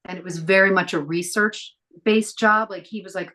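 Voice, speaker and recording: A middle-aged woman telling stories as a podcast guest, chatty and lively as she acts out the people she quotes. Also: medium pitch, normal speed. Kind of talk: casual storytelling interview.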